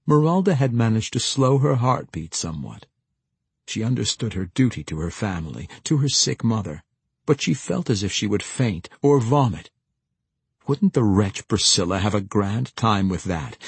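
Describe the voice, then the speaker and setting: A man narrates a novel in a measured, expressive manner, his lowish voice moving widely in pitch. The tone is husky and the sound dry and close. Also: no room sound. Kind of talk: audiobook narration.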